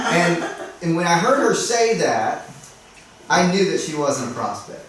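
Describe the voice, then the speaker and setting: At a workshop in an echoey meeting room, a realtor shares tips with a small group, his fairly high-pitched voice very animated and a little slow. He's chatty and self-deprecating, acting out doorstep conversations and often asking "right?". He sits far from the mic, and there's faint noise.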